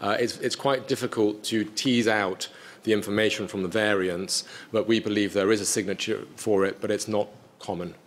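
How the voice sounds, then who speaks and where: A man presenting a scientific conference talk and then answering audience questions in a measured, technical way with frequent restarts. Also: fairly low pitch, steady tone.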